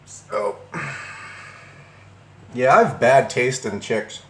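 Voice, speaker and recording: A man's voice: medium pitch, extremely slow, a bit bright, a little hiss or hum. Rambling man in an echoey room. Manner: rambling, many restarts and stammers. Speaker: storyteller. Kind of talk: casual storytelling monologue.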